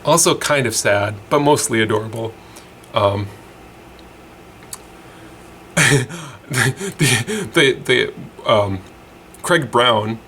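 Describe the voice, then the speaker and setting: A man's voice: fairly low pitch, sharp tone, a little hiss or hum. A man hosting a casual weird-news show, chatty and rambling with lots of fillers and restarts. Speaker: host.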